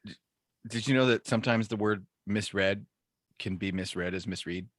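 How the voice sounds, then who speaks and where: A man in his forties, a podcast co-host, telling puns and jokes in deadpan style and laughing at his own lines. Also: on the low side, moderate pace, dry recording, clean studio sound. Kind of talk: casual joke-telling banter.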